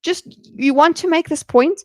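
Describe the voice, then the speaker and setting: High-voiced woman ranting casually on stream, cursing and exasperated. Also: moderate pace, a little mellow. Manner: blunt, exasperated, swears often. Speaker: livestream host reacting to a debate. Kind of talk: casual commentary.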